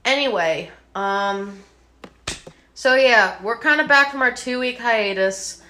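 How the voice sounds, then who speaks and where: A bright, sharp-toned woman chats her way through a casual podcast. She strings her thoughts together with plenty of fillers and drops the odd swear word without a second thought. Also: fairly high pitch, slow. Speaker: podcast co-host.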